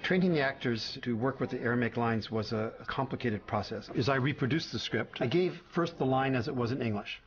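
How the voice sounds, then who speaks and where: Brief: male film language consultant, mid-range pitch, measured explanatory interview delivery, faint noise behind. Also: highs cut off. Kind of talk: documentary interview.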